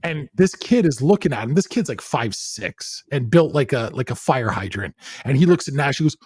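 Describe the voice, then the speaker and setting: This one is clean studio sound with no echo: a middle-aged man, medium pitch with a breathy edge, at a moderate pace. Hosting his podcast, he spins a casual, profane story in an animated way, laughing through it.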